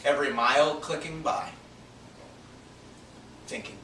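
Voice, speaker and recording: A man's voice: fairly high pitch, moderate pace. A man and minister telling a personal story in a sermon, earnest and confessional, dropping to a near-whisper for his inner thoughts. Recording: echoey from a distance, faint background noise.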